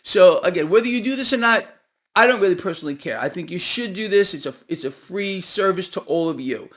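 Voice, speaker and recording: A man with a high-pitched voice talks fairly quickly while hosting market commentary. He speaks straight to the audience, casual and animated, with a sarcastic edge.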